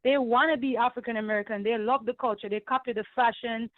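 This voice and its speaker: Lady ranting on a call-in, high pitched, indignant, thin phone sound. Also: fairly even intonation, fast talker, no echo. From Caribbean. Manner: emphatic, repetitive, indignant. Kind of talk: heated call-in rant. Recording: tinny phone line.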